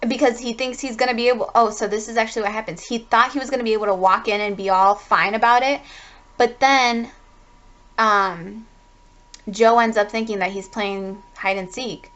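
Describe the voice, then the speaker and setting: Female tarot reader, higher pitch, loose profane rambling delivery, dull lo-fi recording. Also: steady tone, moderate pace, fairly bright tone. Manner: rambling, full of "like", swears casually. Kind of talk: casual spiritual reading.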